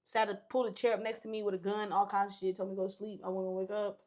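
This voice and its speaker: A young woman on a podcast as a guest races through a retold story, her medium-pitched delivery flat. She's casual and slangy, swears a lot and erupts in loud shouted bursts.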